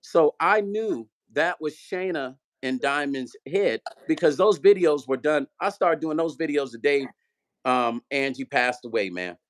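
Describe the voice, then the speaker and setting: A man spins a heated story for his vlog audience, slipping in and out of quoted voices as he goes. He cusses freely and keeps the momentum up. His voice sits a bit on the higher side for a man. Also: unhurried. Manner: animated storyteller, acts out quoted dialogue, profane. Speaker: vlog host, musician. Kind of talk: storytelling chat.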